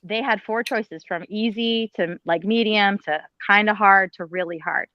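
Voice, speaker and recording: A woman's voice: medium pitch, normal speed, no room sound, highs cut off. A woman, a former teacher, speaking on a panel in an emphatic, pleading, blunt way with some mild swearing. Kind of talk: impassioned panel talk.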